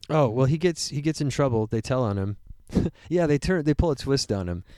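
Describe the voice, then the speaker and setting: A man co-hosting a casual movie review chat, animated and swearing freely while he acts out characters' lines. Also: medium pitch, a little fast, clear, resonant tone, dry recording, clean studio sound. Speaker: podcast co-host.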